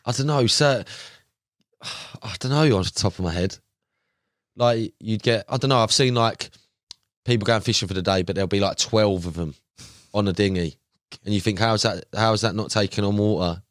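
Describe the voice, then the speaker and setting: Young man, low voice, dry close sound, animated storyteller, slangy guest. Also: normal speed, pauses often, dry recording. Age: young adult. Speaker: podcast guest, carp angler. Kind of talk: casual chat.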